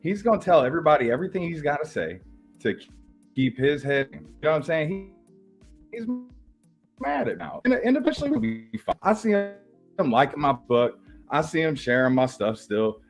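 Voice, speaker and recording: A man's voice: fairly high pitch, sing-song, normal speed, creaky, faint music behind. A man, a wrestler, trash-talking on a podcast in a boastful, slangy, swaggering way.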